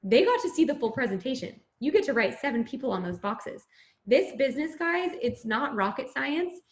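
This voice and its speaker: A woman's voice: high voice, very animated, moderate pace. A woman coaching new sales consultants, upbeat and encouraging. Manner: upbeat, encouraging, addresses "guys". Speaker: business coach. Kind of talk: coaching call. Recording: echoey and dull.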